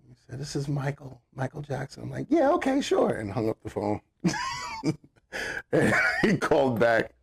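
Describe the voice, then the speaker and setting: A man's voice: mid-range voice, huge pitch swings, measured pace, creaky, pauses often, breathy edge. A man casually recounting an anecdote in a laid-back, slangy way. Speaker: storyteller.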